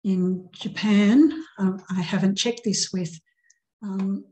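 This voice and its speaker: A middle-aged woman teaching a grammar lesson at an unhurried, deliberate pace. Her voice is mellow and warm, sitting at an ordinary pitch. She explains patiently, counting things out one by one. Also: fairly even intonation, low-quality recording. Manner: slow, patient, counts out syllables.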